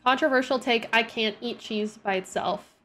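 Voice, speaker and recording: A woman's voice: fairly high pitch, moderate pace, a bit bright. A young woman chatting casually as she plays a game on stream, talking to her characters and her viewers. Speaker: gaming streamer. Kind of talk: casual gameplay chat.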